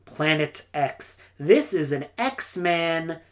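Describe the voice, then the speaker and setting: A woman's voice: low-pitched, expressive, extremely slow. A woman reviewing books in a casual, rambling monologue, enthusiastic and full of "like" and "uh". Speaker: book reviewer.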